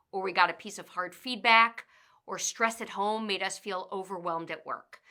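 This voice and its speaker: Bright-voiced woman explaining workplace advice. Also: mid-range voice. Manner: measured, explanatory delivery with listed points. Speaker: workplace communication trainer and author. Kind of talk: instructional narration.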